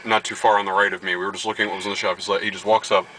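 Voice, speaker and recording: Guy from baltimore telling a story fast, lowish voice, bit of hiss behind. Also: flat delivery, sharp tone, low-quality recording. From Baltimore, USA. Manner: storytelling, acts out quoted dialogue. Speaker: vlogger. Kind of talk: casual chat.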